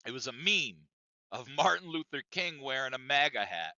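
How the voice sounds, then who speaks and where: A man's voice: medium pitch, animated, normal speed, bright, forceful tone, no room sound, dull audio. A man co-hosting a podcast, telling a story in a casual, profane and emphatic way that often circles back on itself. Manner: profane, emphatic, repeats himself. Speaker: podcast co-host.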